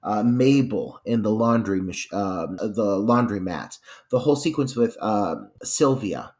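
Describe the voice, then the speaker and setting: A man with a low voice weighs in on a horror remake during a podcast chat. He talks thoughtfully, hunting for words with plenty of pauses, and sounds relaxed. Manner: thoughtful, hesitant, with fillers and restarts. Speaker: podcast co-host. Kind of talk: casual film review chat.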